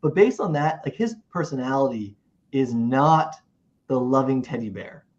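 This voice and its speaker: A man's voice: mid-range voice, moderate pace. Man co-hosting, muffled lo-fi sound. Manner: animated, restarts and repeats himself. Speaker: podcast co-host. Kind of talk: casual chat. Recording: muffled lo-fi recording.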